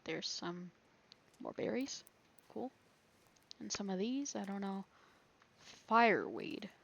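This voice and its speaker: A woman's voice: medium pitch, animated, takes it slowly, creaky, a bit bright, dull audio, slight background noise. Giggly woman rambling through gameplay. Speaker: gaming video creator. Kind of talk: thinking aloud during gameplay.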